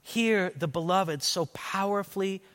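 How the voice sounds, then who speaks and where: A man's voice: high-pitched, a little slow, fairly bright tone, big-room sound. A man preaching an expository sermon as a pastor, earnest and emphatic, often repeating words as he stresses a point.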